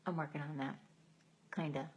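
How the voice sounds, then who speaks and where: A woman's voice: low-pitched, steady tone, moderate pace, slight background noise. A woman hosting a casual live chat, greeting viewers by name and laughing at herself. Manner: self-deprecating, laughs often. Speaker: live stream host.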